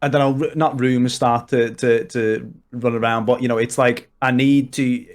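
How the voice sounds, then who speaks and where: Here a Liverpudlian man talks at medium pitch, keeping his tone steady and his pace moderate. As a podcast guest in relaxed conversation, he rambles on with plenty of fillers and false starts in his Liverpool accent.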